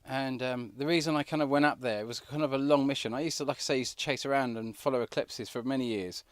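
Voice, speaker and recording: A man's voice: mid-range voice, steady tone, quick pace, dry recording, clean studio sound. A man telling a rambling personal story in an earnest way, often restarting his sentences.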